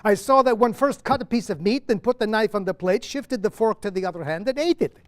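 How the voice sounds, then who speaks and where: A man's voice: high-pitched, a little fast, no room sound, lightly acted. A man in his seventies voicing an earnest, driven male legal crusader in exile, declaiming a stage monologue with passion. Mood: reflective. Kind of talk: reading a play monologue aloud.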